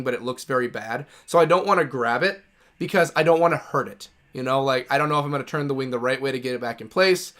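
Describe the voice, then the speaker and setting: A man's voice: medium pitch, fairly bright tone. A man streaming a game, telling a long story in a loose, rambling way, restarting sentences and swearing freely. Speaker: gaming streamer. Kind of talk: casual storytelling while playing.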